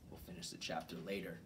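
A man reading a children's book aloud in an informal, relaxed way, from his home garage workshop. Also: fairly low pitch, far from the mic, background noise. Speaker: children's story reader.

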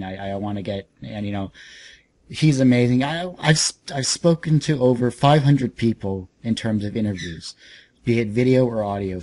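A man's voice: mid-range voice, dark tone. A young man hosting a comics podcast interview, talking casually with lots of fillers and restarts. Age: young adult. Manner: hesitant, many fillers and restarts. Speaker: podcast host.

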